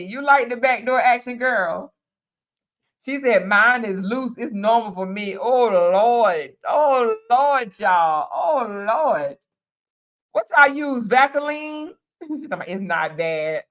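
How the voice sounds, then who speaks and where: A woman's voice: a little high, measured pace. A woman hosting a casual live stream, reading out viewer comments, teasing and laughing as she talks straight to her viewers.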